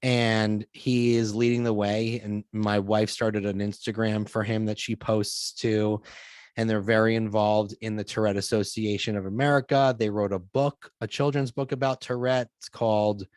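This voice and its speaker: A middle-aged man, the show's host, chatting casually and telling stories with animated voices for the people he quotes. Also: fairly low pitch, normal speed, clear, resonant tone, no echo. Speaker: podcast host being interviewed. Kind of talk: casual conversation.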